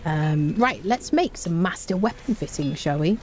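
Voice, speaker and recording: Mellow-voiced woman streaming a game. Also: fairly low pitch, expressive, moderate pace, a little hiss or hum. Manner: chatty, reads out chat, hums to herself. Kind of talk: casual live-stream gameplay chat.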